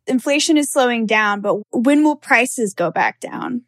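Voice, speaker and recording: Woman guest, slightly high, candid tone, dry sound. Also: unhurried, fairly bright tone, dry recording. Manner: candid, self-deprecating. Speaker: guest on a video call. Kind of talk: casual chat.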